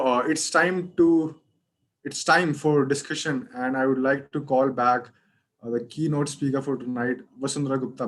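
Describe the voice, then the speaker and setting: Man hosting, polite announcer-style intro, mid-pitched. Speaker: session host. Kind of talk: formal introduction.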